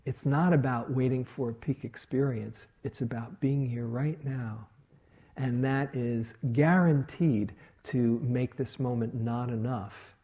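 Slow, mellow meditation teacher, a man. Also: medium pitch, muffled recording. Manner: relaxed storytelling with quoted voices. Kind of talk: dharma talk. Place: retreat hall.

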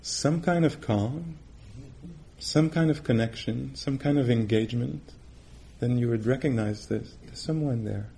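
Male meditation teacher, middle-aged, mid-pitched, casual talk with quick laughs and acted-out quotes. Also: creaky. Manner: warm, conversational, laughs often, acts out quoted voices. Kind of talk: dharma talk.

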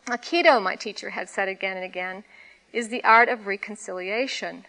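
Bright-voiced woman reading a story. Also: mid-range voice, moderate pace, gravelly, low-quality recording. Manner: expressive storytelling, laughing at times. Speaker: meditation teacher. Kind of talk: dharma talk, reading a story aloud.

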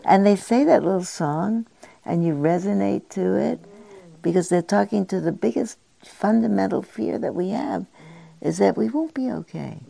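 An older woman, a meditation teacher, giving a musing dharma talk with gentle pauses and fillers. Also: mid-range voice, expressive, gravelly.

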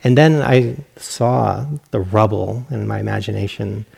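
Man, meditation teacher, dharma talk, self-mocking storytelling, gravelly husky voice. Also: on the low side, fairly even intonation, measured pace, darkish tone. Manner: storytelling, self-mocking, acts out his own inner voice.

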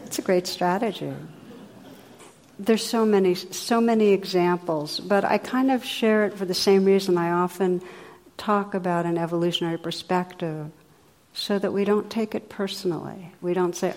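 A woman with a rather low, darkish voice speaks at a moderate pace. She is a meditation teacher giving a reflective, conversational dharma talk in a meditation hall, often using fillers. The recording carries a long hall reverb.

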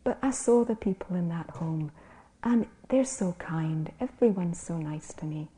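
A woman voicing a kindly, frail old Scottish woman who thanks people warmly, with a gentle Scottish lilt. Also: on the low side, animated, a little slow. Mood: grateful. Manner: warm, grateful and gentle.

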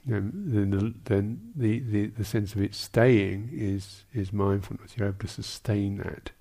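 Gravelly, low-voiced monk giving a dharma talk. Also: male voice, steady tone, warm tone. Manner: halting, thoughtful, many restarts and asides. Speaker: Buddhist monk teacher. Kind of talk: dharma talk answering questions.

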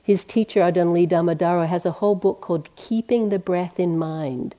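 Mellow-voiced woman teaching meditation. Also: fairly low pitch, a little fast. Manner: gentle, conversational, often says "you know". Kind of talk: dharma talk.

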